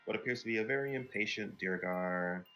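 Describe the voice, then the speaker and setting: A man narrating a tabletop game as dungeon master, often laughing and pausing with fillers. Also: lowish voice, muffled recording. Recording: soft music behind.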